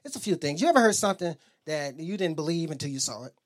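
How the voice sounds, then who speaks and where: Rambling stand-up comic with lively swings. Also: mid-range voice, fast. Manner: loose, rambling, drops to mutters. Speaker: stand-up comedian. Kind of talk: stand-up comedy set.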